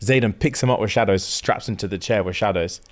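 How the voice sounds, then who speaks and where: A man, hosting a podcast, excitedly retelling a story with lots of swearing and acted-out voices. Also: lowish voice, fast talker. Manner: swears freely, acts out every character. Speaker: podcast host.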